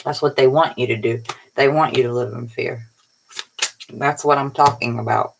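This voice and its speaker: A woman's voice: extremely low pitch, fairly even intonation, moderate pace, vocal fry, background noise. A woman tarot reader giving a casual, rambling spiritual pep talk in a colloquial way, sounding tired. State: tired, yawning.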